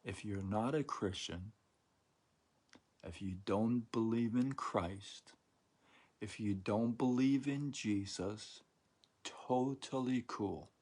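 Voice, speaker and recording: A middle-aged man speaks to his viewers in a relaxed live-stream chat. His voice sits on the low side and his delivery is slow and unhurried. He repeats phrases, keeps asking "right?", and acts out little mock quotes. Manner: chatty, repetitive, asks "right?" often, acts out mock quotes. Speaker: vlogger.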